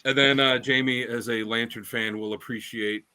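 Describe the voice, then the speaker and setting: Guy on a podcast, bright forceful voice, rambly chat, lots of ums. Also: medium pitch, fairly even intonation, moderate pace, clean tone. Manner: rambling storyteller with many fillers and restarts. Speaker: podcast co-host. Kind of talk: casual chat.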